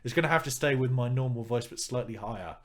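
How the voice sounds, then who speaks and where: A young man with a gruff voice reading a visual novel aloud and commenting playfully as host. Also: medium pitch, quick pace. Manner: playful, self-aware. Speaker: let's play host.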